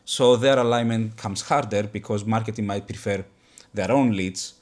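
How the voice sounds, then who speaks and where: Low-voiced man hosting a business chat. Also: a little mellow. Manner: thoughtful, halting restarts. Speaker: podcast host. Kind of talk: casual business conversation.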